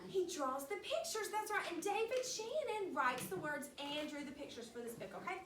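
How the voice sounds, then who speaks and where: Lively kindergarten teacher reading aloud. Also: female voice, extremely high pitch, normal speed. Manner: animated and encouraging, asks the class questions. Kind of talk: reading a picture book aloud to a class. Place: classroom. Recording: roomy classroom from far off with noise.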